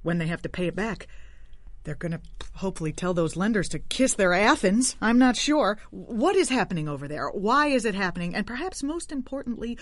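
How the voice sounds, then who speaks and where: A woman's voice: medium pitch, dry recording. Sarcastic woman host. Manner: sarcastic, wry asides. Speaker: show host. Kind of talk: satirical political commentary. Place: home studio.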